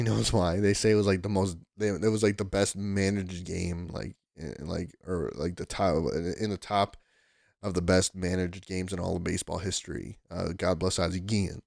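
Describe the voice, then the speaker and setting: A man's voice: sits low, creaky, no echo, clean studio sound. A man in his twenties telling a story to camera in a casual, rambling way, full of "like" and restarts. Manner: rambling, excitable, heavy use of "like" and restarts. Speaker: vlogger.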